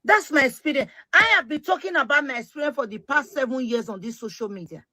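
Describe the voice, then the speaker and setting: A middle-aged woman with a Nigerian Pidgin English accent, speaking an impassioned monologue to her social media followers, forceful and emphatic and repeating her points. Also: high-pitched, lively intonation, fast talker, no room sound.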